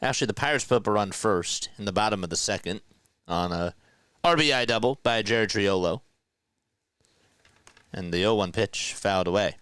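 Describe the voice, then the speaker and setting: A man doing casual live baseball play-by-play as a fan streamer, chatting and joking with viewers between pitches. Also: normal speed, pauses often, a bit bright, clear, resonant tone, no echo. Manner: jokey, laughs at himself.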